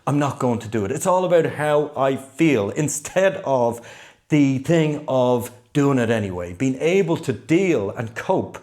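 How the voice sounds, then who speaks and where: A man's voice: mid-range voice, lively intonation, unhurried, darkish tone. A middle-aged man, a study coach, talking earnestly to parents and repeating key words for emphasis. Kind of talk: talking-head advice video.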